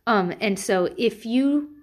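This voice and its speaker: A woman's voice: on the high side, animated, slow. A woman in her thirties, a mother telling personal stories and giving candid parenting advice in a casual way, swearing freely.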